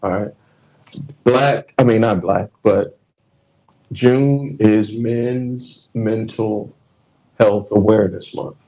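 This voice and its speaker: A man's voice: on the low side, steady tone, slow, pauses often, mellow, dull audio. A man hosting a podcast, telling stories in a casual, profane way and laughing often. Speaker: podcast host.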